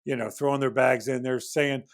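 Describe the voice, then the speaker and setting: A man's voice: medium pitch, steady tone, normal speed, gravelly. Middle-aged man telling a rambling story. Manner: rambling anecdote with frequent restarts, acts out the dialogue. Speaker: podcast guest, former security agent. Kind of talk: casual storytelling in a podcast interview.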